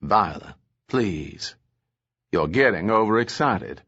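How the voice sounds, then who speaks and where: A man's voice: lowish voice, expressive, slow, fairly bright tone, slightly rough, highs cut off, exaggerated voice. A man playing a languid, menacing villain. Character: cold, languid male villain, pleased with himself.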